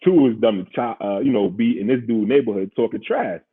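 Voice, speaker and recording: A Queens-born podcast host and ex-pro football player talks fast in a lowish voice, telling a story with his New York accent, lots of slang and frequent laughs. The audio is husky and tinny, like a phone line.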